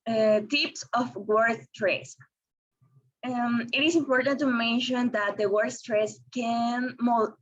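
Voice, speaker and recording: Woman, class presentation, slow, hesitant, dull recording. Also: on the high side, a bit bright. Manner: slow and careful, with frequent ums and restarts.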